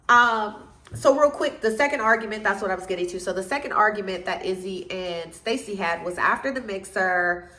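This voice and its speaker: A woman's voice: mid-range voice, a little fast. Sassy woman recapping reality TV, roomy echo. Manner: blunt, sassy and animated, calling people out. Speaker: reality TV reviewer. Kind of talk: opinionated recap commentary.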